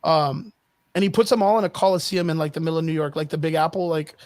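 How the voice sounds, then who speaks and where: A man with a fairly high voice tells a story in an animated, profane, filler-heavy way. He speaks as a podcast guest into a close mic. The sound is dry. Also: quick pace, dry recording. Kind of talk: casual chat.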